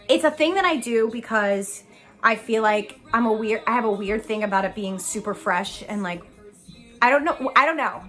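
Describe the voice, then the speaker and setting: A young woman chats her way through a makeup routine in a slightly high voice, giggly and quick to poke fun at herself. Faint music plays softly behind her. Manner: chatty, giggly and self-deprecating. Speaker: Broadway actress doing a makeup tutorial. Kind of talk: casual makeup tutorial talk.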